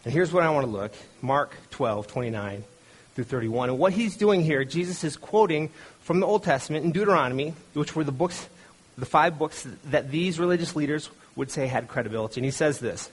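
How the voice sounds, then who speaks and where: A man's voice: a little high, expressive, a little fast, breathy edge. A middle-aged man preaching a conversational sermon. He retells a story in a loose, storytelling way, with many restarts, and briefly acts out the voices he quotes. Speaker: pastor.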